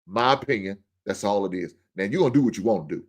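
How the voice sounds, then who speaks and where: A man's voice: fairly low pitch, animated, quick pace. A middle-aged man hosting a show, in a blunt, joking, ranting monologue. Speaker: podcast host. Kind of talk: casual monologue.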